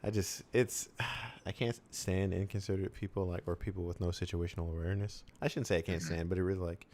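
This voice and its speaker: A man from Minnesota with a Minnesota accent, hosting a casual stream chat, animated and teasing. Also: low voice, quick pace. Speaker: streamer host.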